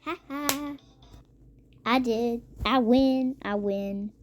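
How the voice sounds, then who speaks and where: A young woman commenting on her own gameplay, dramatic and mock-angry with quick outbursts. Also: fairly high pitch. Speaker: gaming vlogger. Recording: game music behind voice.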